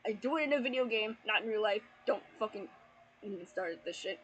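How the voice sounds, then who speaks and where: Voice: medium pitch, expressive, fairly quick, a bit bright, lo-fi sound, a little hiss or hum. A YouTuber reading a fanfiction aloud at home at night, breaking off into exasperated, heavily sworn commentary and laughter. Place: at home at night with family asleep.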